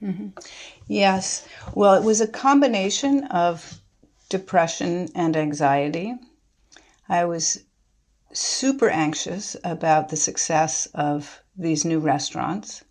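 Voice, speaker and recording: A middle-aged woman speaking thoughtfully as an interview guest, halting and restarting as she reflects. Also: on the low side, a little mellow.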